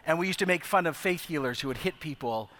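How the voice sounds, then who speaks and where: A middle-aged man preaching a sermon as pastor, earnest, slowing down to stress key phrases. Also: fairly high pitch, expressive, a bit bright. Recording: long reverb of a large hall.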